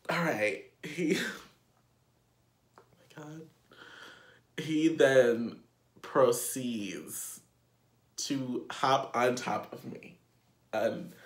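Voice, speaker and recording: A young man telling a casual storytime on his vlog, animated and profane, laughing as he goes. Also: medium pitch. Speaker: vlogger. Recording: echoey room.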